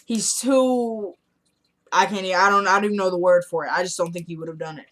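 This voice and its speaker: A woman's voice: lowish voice, fairly even intonation, fairly quick, fairly bright tone. A woman casually recapping a TV drama episode, animatedly acting out the characters' lines as she tells it. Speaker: TV episode reviewer.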